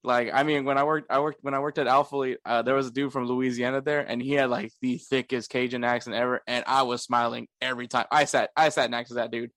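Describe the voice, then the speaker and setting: A man's voice: mid-range voice, fast, hardly any pauses, dry recording, studio quality. A young man co-hosting a casual podcast chat, joking around and laughing often. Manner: laughs often, jokey and animated. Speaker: podcast co-host.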